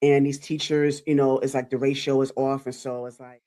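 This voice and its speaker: Animated woman chatting with her viewers. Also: extremely low pitch, a little fast. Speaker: YouTube content creator celebrating her channel anniversary. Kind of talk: live-stream chat with viewers.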